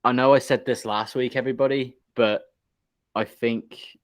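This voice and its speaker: A man's voice: mid-range voice, fairly even intonation, moderate pace, no room sound. Laughing, bantering male podcast host. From United Kingdom. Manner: laughs often, banters, swears. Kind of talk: casual podcast interview.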